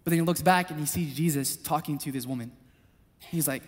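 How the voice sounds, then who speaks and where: High-voiced preacher in a reverberant hall. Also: male voice, fairly quick, soft background music. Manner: passionate, swings between loud appeals and hushed storytelling. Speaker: pastor. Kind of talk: sermon. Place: church hall.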